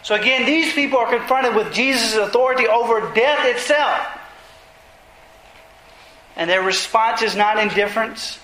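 A man's voice: very high voice, normal speed, pauses often, sharp tone. A man preaching an expository sermon, retelling scripture passages earnestly and pressing his points with emphasis. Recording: roomy echo.

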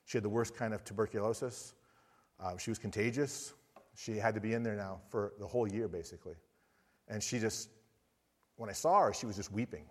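A man's voice: fairly low pitch, fairly even intonation, brisk, husky. A man, a missionary preacher, telling a personal story in an earnest sermon with frequent restarts. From United States. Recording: long reverb of a large hall.

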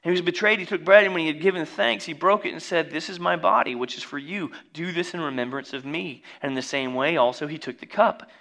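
Male pastor, bright voice, fairly high pitch, folksy sermon with jokey asides. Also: fast, gravelly, hardly any pauses. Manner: folksy, jokey asides, rising to loud exclamations.

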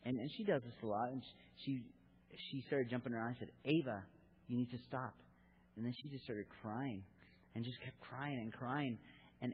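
A man's voice: mid-range voice, normal speed, husky. A man in his thirties giving an earnest, candid sermon to fathers, telling stories from his own family. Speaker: preacher at a church gathering for fathers. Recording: tinny phone-like lo-fi recording.

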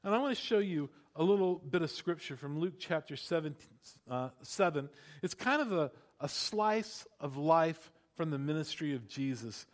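A man's voice: a little high, animated, normal speed, few pauses. A man preaching a sermon in a conversational way, asking the congregation rhetorical questions and laughing at his own asides. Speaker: pastor.

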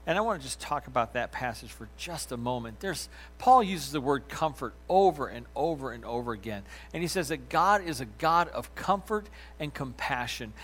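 A man preaching a sermon as pastor, swinging from loud emphatic lines down to soft, almost whispered ones. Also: mid-range voice, expressive, moderate pace, hardly any pauses.

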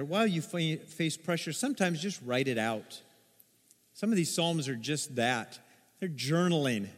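A man with a high voice delivers a sermon from the pulpit. He tells stories in an animated way and acts out the voices in them. The long reverb of a big hall trails after his words. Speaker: pastor. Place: church sanctuary.

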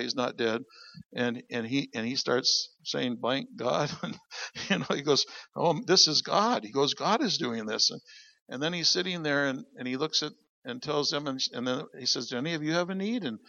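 A middle-aged pastor with a mid-range, creaky voice preaches a sermon built around stories. He animatedly acts out the voices of the people in them. The recording is lo-fi, with no echo.

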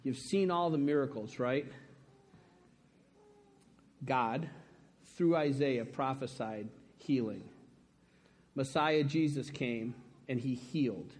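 A man's voice: mid-range voice, takes it slowly, pauses often, darkish tone. A man preaching a sermon to his congregation, emphatic and conversational, often checking in with "right?". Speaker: pastor.

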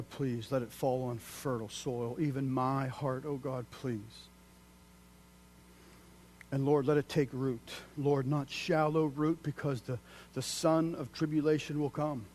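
Fiery preacher swinging loud to hushed. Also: male voice, mid-range voice, slight background noise. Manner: dynamic preaching, swings from loud declaiming to hushed near-whisper. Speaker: pastor. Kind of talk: sermon.

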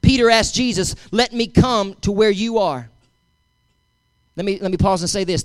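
High-voiced preacher, emphatic and dry. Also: male voice, normal speed, long pauses, smooth, no room sound. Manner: emphatic and repetitive, addressing the congregation directly. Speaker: pastor. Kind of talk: sermon.

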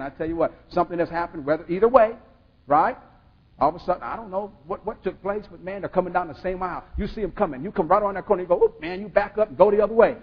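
A man's voice: sits high, husky. A man preaching a sermon in a call-and-response way, building to emphatic bursts. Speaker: pastor. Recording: dull sound with long hall reverb.

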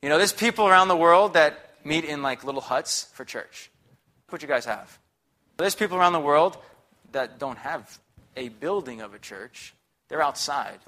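A man's voice: a little high, animated, moderate pace, bright, forceful tone. A young man preaching a sermon in a chatty, upbeat, conversational way, often checking in with the congregation. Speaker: guest preacher.

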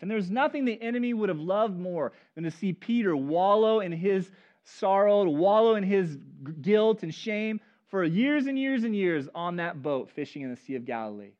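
A man preaching a sermon as pastor, telling stories in an animated, conversational way. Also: high-pitched, moderate pace. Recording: dull lo-fi recording.

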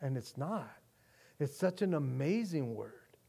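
Male pastor with a high voice, earnest sermon delivery with frequent restarts, moving between soft and emphatic. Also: big pitch swings, unhurried, vocal fry, slightly rough.

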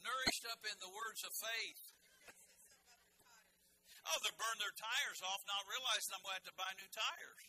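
Man, pastor, sermon, high voice, folksy and conversational, joking asides, noisy background. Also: moderate pace, long pauses, pushed and bright. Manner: folksy, conversational preaching with humorous asides and frequent restarts.

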